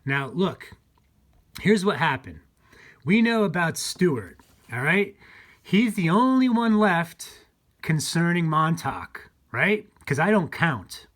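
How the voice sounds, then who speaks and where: Man, own channel host; slow, halting, repetitive monologue, pitch swinging widely. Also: sing-song, fairly bright tone. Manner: repetitive, halting, addresses viewers as folks. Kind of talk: rambling monologue to viewers.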